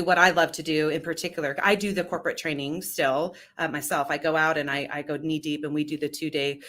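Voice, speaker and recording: Woman coach talking shop on an interview, fairly low voice, candid and punchy, keeps tossing in "right?". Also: fairly bright tone. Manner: candid, emphatic, often tags "right?". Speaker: leadership coach and business founder. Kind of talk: storytelling in an interview.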